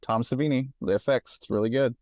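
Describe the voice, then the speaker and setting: A man's voice: medium pitch, fairly even intonation, fast talker, a little mellow, dry recording, studio quality. A man co-hosting a podcast, casually chiming in with jokes and questions. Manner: wry, interjects jokes and questions. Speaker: podcast co-host. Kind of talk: casual chat.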